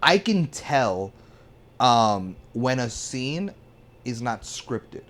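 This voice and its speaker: A man co-hosting a podcast, giving relaxed, slangy opinions about a TV show. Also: mid-range voice, extremely slow. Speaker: podcast co-host.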